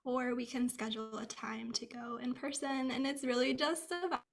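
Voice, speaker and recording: A woman's voice: a little high, steady tone, normal speed, gravelly. A woman who works as a wardrobe stylist, answering interview questions in a chatty, upbeat way with lots of filler words. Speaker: capsule wardrobe stylist, guest. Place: Bay Area, US.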